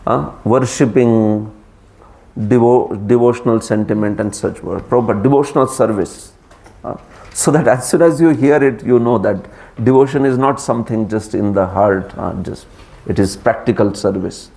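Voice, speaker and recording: A man with an Indian accent giving a scripture class lecture, lively, laughing often and putting questions to his students. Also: fairly low pitch, normal speed, creaky. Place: class streamed live.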